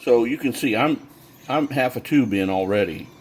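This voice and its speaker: A man's voice: medium pitch, normal speed, a little hiss or hum. A man who breeds birds gives a casual how-to demonstration, explaining step by step with lots of fillers and restarts. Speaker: bird breeder.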